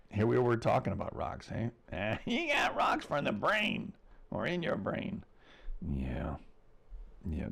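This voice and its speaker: American guy doing a laid-back space weather show, low gravelly voice that swings up and down a lot. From United States. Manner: loose, rambling, chuckles between remarks. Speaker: host of a space weather report. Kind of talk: casual livestream commentary.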